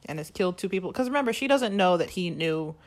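A woman's voice: on the low side, lively intonation, fast talker. A woman co-hosting a casual podcast chat, animatedly retelling a story and acting out the quoted lines. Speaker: podcast co-host. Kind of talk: casual chat recapping a musical.

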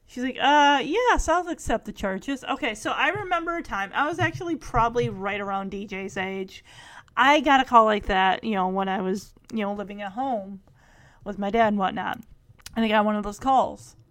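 A woman casually recapping a sitcom episode, rambling and correcting herself with many asides. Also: mid-range voice. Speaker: show recap host.

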